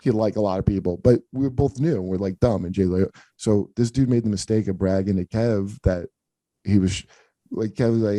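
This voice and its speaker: A man's voice: lowish voice, a little fast, mellow, no echo. A man hosting a comedy podcast, telling rambling, profane stories in casual chat. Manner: profane, rambling anecdotes with acted-out quotes.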